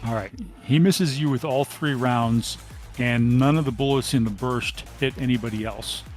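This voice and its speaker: A man running a tabletop role-playing game as game master, describing the action in a steady, measured way with frequent ums. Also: mid-range voice, faint music behind.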